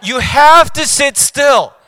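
A snooty young female technician scolds in slow, drawn-out, nagging phrases, put on by a man. The voice jumps well above his own and rings loud and bright. She sounds impatient. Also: very high voice, expressive, no echo, pitched above the performer's own voice, exaggerated voice. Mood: scolding.

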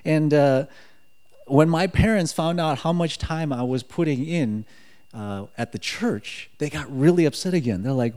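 A man giving a personal faith testimony in casual storytelling style, animated and acting out quoted dialogue. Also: a little high, unhurried. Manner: animated, acts out quotes, frequent "like" fillers.

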